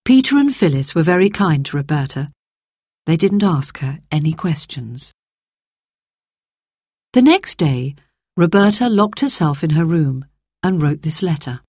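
Expressive woman with a husky storybook voice. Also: sits low, unhurried, pauses often, dry recording, studio quality. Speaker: narrator. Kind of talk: storybook reading.

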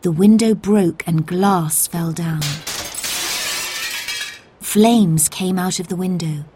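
A woman narrating a children's storybook in a clear, measured way. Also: lowish voice, noisy background.

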